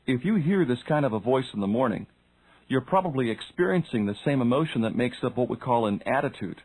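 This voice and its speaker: A man's voice: medium pitch, expressive, fairly quick, a little mellow, no room sound, low-quality recording. Male self-help audiobook narrator, mid-range voice, direct questioning delivery, dry studio sound. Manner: direct, addresses the listener with questions.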